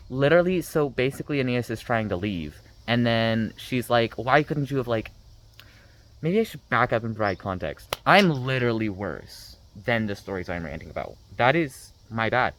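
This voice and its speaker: A man's voice: mid-range voice, a bit bright, low-quality recording. A man giving a casual, rambling book review rant, sarcastic and full of fillers.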